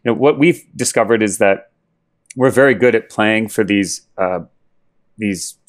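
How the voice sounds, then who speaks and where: A low-pitched man answering interview questions as a company head. He talks in a measured, explanatory way and pauses with fillers as he thinks. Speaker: company CEO guest.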